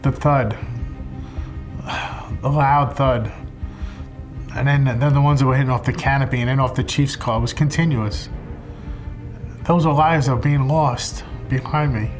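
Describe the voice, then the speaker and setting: A firefighter speaks in an interview, his voice mid-pitched and his delivery reflective and halting. Music sits clearly in the background. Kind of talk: interview testimony.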